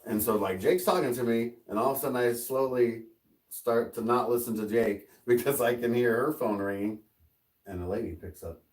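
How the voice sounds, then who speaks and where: A middle-aged man hosting a casual podcast, telling a story with lively energy and putting on the voices of the people in it. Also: medium pitch, moderate pace. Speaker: podcast host. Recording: roomy sound, mic at a distance.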